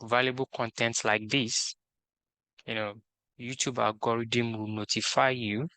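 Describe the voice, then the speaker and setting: A man delivers a screen-recorded coding tutorial in a mid-range voice with flat delivery and a bright, forceful tone, with no echo. His pace is slow and methodical as he reads each task aloud and talks through the steps.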